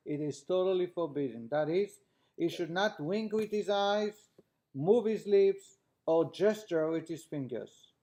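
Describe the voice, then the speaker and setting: A man's voice: sits high, unhurried, warm tone. A man teaching a class, reading a text aloud and then explaining it in plain words with frequent restarts.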